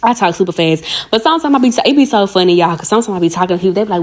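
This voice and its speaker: A young woman with a Southern country accent from Arkansas, chatting fast and slangy to viewers as she does her own nails. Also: on the low side, darkish tone. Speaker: nail vlogger. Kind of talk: casual voice-over tutorial chat.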